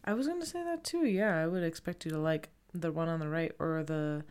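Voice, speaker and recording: A woman's voice: low-pitched, a little fast, a little mellow, clear, resonant tone. A woman presenting art in casual chat, chatty, laughing often and saying "like" a lot.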